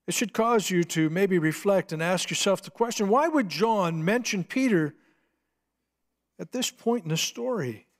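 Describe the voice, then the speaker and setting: A man preaching a sermon, retelling a scripture scene dramatically, swinging between hushed and emphatic delivery. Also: high voice, lively intonation, a little slow. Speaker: pastor.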